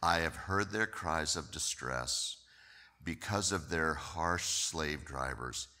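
A man voicing God speaking from a burning bush, reading the lines slowly and gravely. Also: rumbling low, sharp tone, voice pushed down, heavily acted. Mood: solemn.

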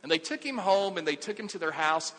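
Man, pastor, sermon, conversational, rhetorical questions, bright tone, long hall reverb. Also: sits high, expressive, a little fast. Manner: conversational preaching with rhetorical questions, drops to quiet emphasis.

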